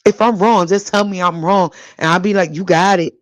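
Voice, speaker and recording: A woman's voice: medium pitch, fairly even intonation, brisk, dry recording, rough recording. A chatty young woman with a New York accent, hosting a podcast on her own. Her voice sits in a middle range, and the recording is close and dry with no room sound. She repeats herself for emphasis and talks straight to her listeners. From Brooklyn, New York. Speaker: podcast host. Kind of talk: casual solo podcast monologue.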